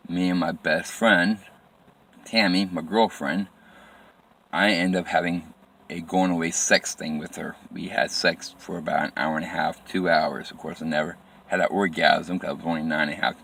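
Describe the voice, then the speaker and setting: Guy with a really deep voice telling his life story, kinda halting, keeps restarting. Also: steady tone, gravelly, fairly bright tone, slight background noise. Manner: halting, plain, repetitive phrasing with restarts. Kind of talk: personal storytelling to camera.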